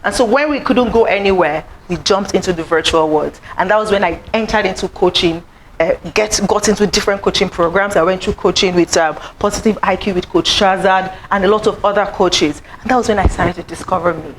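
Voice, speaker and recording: Woman, motivational speaker, lively storytelling talk at an event, faint hiss behind. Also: brisk, rough recording. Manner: animated, acts out quoted voices, rising to high exclaims. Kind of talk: inspirational talk to a live audience. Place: event room.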